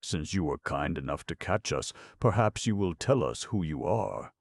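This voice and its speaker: A man's voice: deep voice, lively intonation, normal speed, gravelly, dry recording, clean studio sound, full character voice. A man voicing a chatty, cheerful male clown in an audiobook, raising his voice a little for the part. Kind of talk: audiobook narration.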